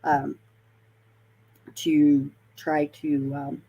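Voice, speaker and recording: A woman's voice: sits low, little pitch movement, drawn-out words, warm tone, highs cut off. A woman from Colorado, a paranormal investigator, chatting as a guest with many fillers and restarts. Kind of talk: casual storytelling interview.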